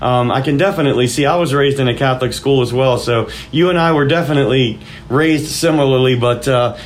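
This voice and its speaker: A man's voice: medium pitch, brisk, a little hiss or hum. A man hosting a wrestling podcast, chatting casually in a rambling, good-natured, self-deprecating way. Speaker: podcast host.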